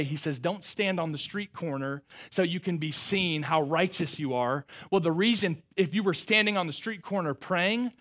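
A man, preaching a sermon earnestly, stumbling over restarts, swelling with feeling and then dropping soft. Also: on the high side. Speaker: pastor.

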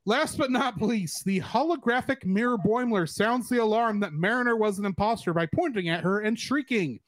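A man co-hosting a podcast, recapping episode details in a steady way with dry humor. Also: high voice, moderate pace, no room sound. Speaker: podcast co-host. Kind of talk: casual chat, part read-out recap.

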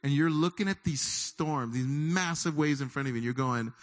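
A middle-aged man preaching a sermon, lively and conversational, often acting out the doubting voices of his listeners. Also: on the high side, moderate pace, hardly any pauses. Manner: animated, acts out inner voices of listeners. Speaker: pastor.

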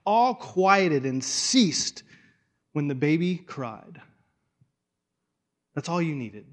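A man's voice: fairly high pitch, animated, slow, pauses often. Earnest man preaching a sermon. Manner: earnest, emotional, stumbling restarts. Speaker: pastor.

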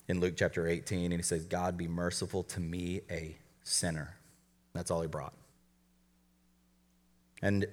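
A man who is a college pastor, preaching a conversational sermon with quick asides and light humor. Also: sits low, in a large hall.

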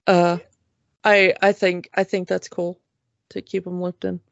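A woman co-hosting a podcast, talking casually in a slow, halting way with many fillers. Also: fairly low pitch, flat delivery, vocal fry, no room sound, highs cut off. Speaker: podcast co-host. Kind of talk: casual chat.

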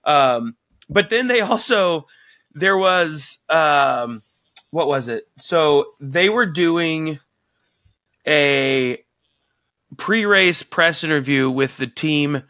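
Rambling with plenty of fillers and casual swearing, this man co-hosts a laid-back podcast conversation with obvious excitement. He draws out his words in a somewhat high, bright, tense voice. There's no echo; the sound is close and dry.

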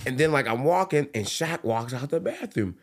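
A man, a fighter, telling stories as a podcast guest in a casual, animated way, with lots of fillers and swearing. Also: medium pitch, normal speed, slight background noise. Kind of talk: casual storytelling.

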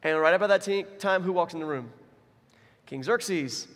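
A male pastor with a slightly high voice tells stories in a sermon, his words carrying a long hall reverb. He's an animated storyteller who acts out characters in quick asides.

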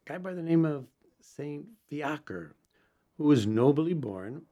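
A man, a priest guest-hosting a Catholic radio talk show, telling saint stories in a halting way with many fillers and restarts. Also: fairly high pitch, animated, mellow, dull audio.

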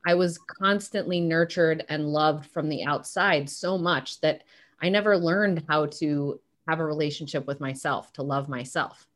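Woman, middle-aged, low-pitched, energetic, emphatic, interview guest. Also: measured pace. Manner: energetic, emphatic, acts out quotes. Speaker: guest, business coach. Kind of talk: podcast interview.

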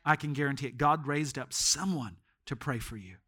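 A man preaching a sermon in a church as pastor, telling stories and swinging from hushed tones to shouts. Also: medium pitch, normal speed.

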